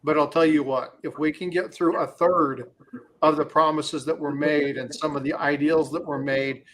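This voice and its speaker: A man's voice: a little high, steady tone, moderate pace, fairly bright tone. A man hosting a casual livestream, talking in a rambling way with many fillers and telling stories. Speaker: crypto livestream host.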